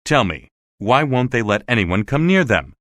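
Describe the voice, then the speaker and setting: A man's voice: mid-range voice, big pitch swings, moderate pace, a bit bright, no room sound, clean studio sound. A man voicing an insistent, suspicious male theater official who keeps pressing questions, in a storybook reading. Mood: demanding.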